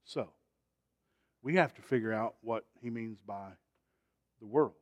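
A man preaching a sermon, swinging from loud, emphatic calls to quiet, drawn-out phrases and asking the congregation to respond. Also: lowish voice.

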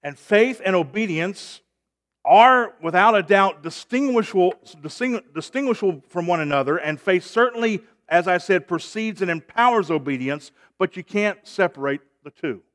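A man's voice: high-pitched, animated, moderate pace, few pauses, fairly bright tone. A man delivers a sermon from the pulpit. He preaches emphatically and swells in volume to drive home each key point. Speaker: pastor.

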